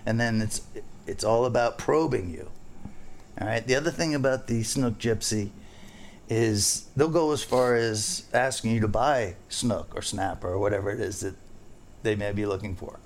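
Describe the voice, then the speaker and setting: A man's voice: on the low side, moderate pace. A man who is a fishing guide, hosting a casual podcast chat and rambling through jokes and stories. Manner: rambling, joking, storytelling.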